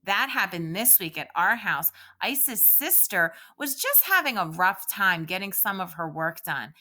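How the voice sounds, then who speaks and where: Slow, lively-voiced woman reading to children. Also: medium pitch. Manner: slow, sing-song guiding of a calming exercise. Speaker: teacher reading aloud to children. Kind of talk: read-aloud lesson for young children.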